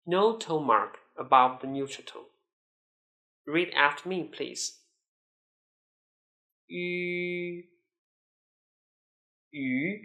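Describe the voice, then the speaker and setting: A woman teaching a pronunciation lesson, modelling syllables with careful, deliberate enunciation. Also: low voice, a bit bright. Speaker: Mandarin teacher.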